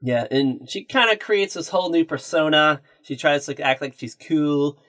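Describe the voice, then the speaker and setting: A man co-hosts a casual podcast, retelling a cartoon episode scene by scene. His voice sits a little high, and he keeps jumping into quick put-on voices for the characters. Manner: animated, acts out quoted lines in put-on voices. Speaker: podcast co-host. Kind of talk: casual chat recapping a TV episode.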